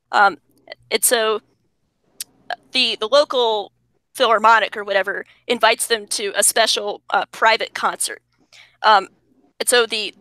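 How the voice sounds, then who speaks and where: A woman guest in casual conversation over a video call, animated and talking through ideas with many restarts. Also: mid-range voice, no room sound.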